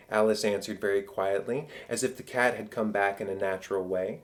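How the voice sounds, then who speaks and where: Guy reading an old storybook aloud, steady measured narration. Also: fairly low pitch. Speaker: audiobook narrator. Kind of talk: scripted narration.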